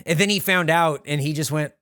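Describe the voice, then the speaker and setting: A man's voice: on the high side, brisk, a bit bright, clear, resonant tone, no echo, clean studio sound. A man telling an anecdote on a podcast in a sheepish, laughing way. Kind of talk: casual chat.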